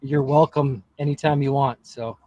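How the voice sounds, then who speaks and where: A man's voice: medium pitch, fairly even intonation, moderate pace, dark tone, dull audio. A man co-hosting a casual chat, laid-back, reading out viewer questions. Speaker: co-host.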